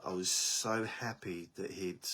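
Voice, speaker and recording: Slow husky man chatting. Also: sits low, steady tone, pushed and bright. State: voice tiring. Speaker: vlogger on a live stream. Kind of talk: casual live-stream chat.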